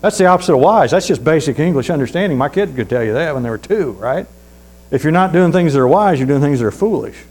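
Gravelly preacher, folksy storytelling. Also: male voice, fairly high pitch, animated, quick pace, poor audio. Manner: folksy storytelling, rising loud on points then dropping to hushed asides. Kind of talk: sermon. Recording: faint mains hum.

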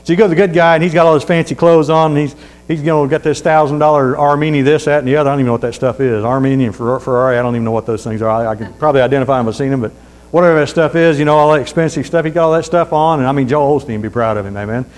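A man preaches in a folksy, storytelling manner, reading scripture aloud slowly and dropping in amens. His voice is a little high with fairly even intonation, and the audio quality is poor.

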